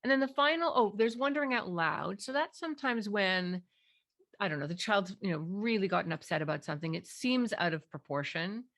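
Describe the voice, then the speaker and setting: Explaining parenting techniques in an interview, this middle-aged clinician has a mid-range, fairly bright voice with lively intonation and a brisk pace. She animatedly performs both parent and child voices.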